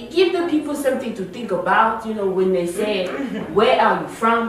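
A woman's voice: medium pitch, a little hiss or hum. A woman from the Chicago area, a guest on a panel chat, giggly and self-mocking. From Chicago area, United States. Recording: echoey room from far off.

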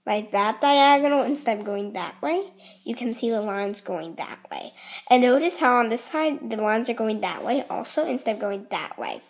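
A woman's voice: on the high side, animated, normal speed. A woman hosting a casual craft tutorial, chatty and rambling, often apologizing as she explains. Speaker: art tutorial host.

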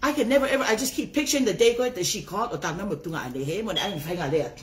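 A woman's voice: mid-range voice, expressive, rapid-fire. A woman ranting angrily on her livestream, heated and profane, swinging between English and Tongan. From not raised in Tonga. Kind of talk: angry livestream rant.

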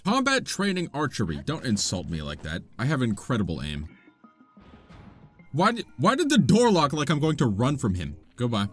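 A young man doing casual Let's Play commentary, goofy and self-mocking, swinging between loud yelps and low mutters. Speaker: gaming YouTuber.

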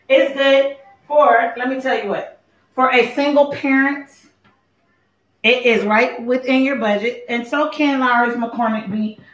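A woman's voice: on the high side, fairly bright tone. A woman hosting a live cooking show, talking in a playful, chatty way straight to her viewers. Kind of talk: casual live cooking chat. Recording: echoey room, dull lo-fi sound.

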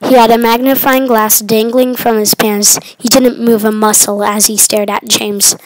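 A woman reading a story aloud, stumbling, restarting and filling pauses as she goes. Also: on the high side, flat delivery, no echo, poor audio.

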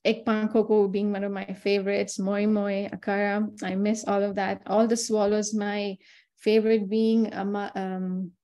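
Warm-voiced woman telling lively stories. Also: medium pitch, unhurried. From India. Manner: chatty storyteller who acts out quoted dialogue. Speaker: webinar speaker. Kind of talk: personal talk for a webinar.

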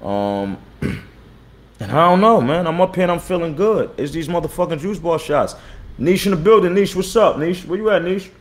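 A man's voice: on the high side, animated, normal speed. Blunt, profane battle rapper man. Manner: blunt, profane street talk, repeats himself, shouts out chat viewers. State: tired. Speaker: battle rapper hosting his own live stream. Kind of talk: casual live-stream talk.

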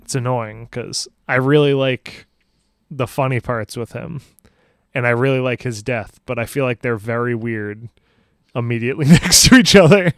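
A man's voice: medium pitch, normal speed, fairly bright tone, no echo, studio quality. A man hosting a podcast, chatting casually about a film with easy laughs and short agreements. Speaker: podcast host.

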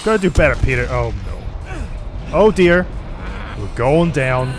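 Excitable young man in let's-play commentary. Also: medium pitch, unhurried. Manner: casual, excitable and swearing. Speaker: gaming YouTuber. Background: game audio with music.

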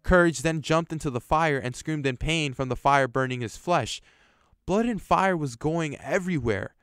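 A man with a fairly high, slightly bright voice reads a horror story aloud at a moderate pace, casually adding his own reactions and sometimes swearing. The YouTube storyteller's recording is clean and studio quality, with no echo.

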